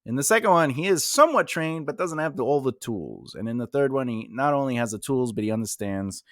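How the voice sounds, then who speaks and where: A man's voice: medium pitch, expressive, brisk, a bit bright, no echo, clean studio sound. A man teaching writing in a loose, rambling style, talking casually with fillers and restarts. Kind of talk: casual instructional talk.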